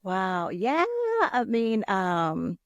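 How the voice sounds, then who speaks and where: A woman's voice: medium pitch, very slow, dry recording, clean studio sound. A woman hosting a podcast interview, asking empathetic, rambling questions full of fillers. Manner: warm-hearted, rambling questions with many fillers. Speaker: podcast host.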